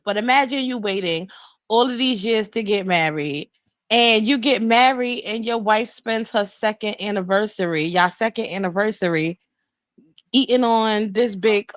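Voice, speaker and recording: A woman's voice: mid-range voice, moderate pace, fairly bright tone, no room sound. A woman co-hosting a livestream, giving blunt, profane gossip commentary in a casual chat. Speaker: livestream co-host.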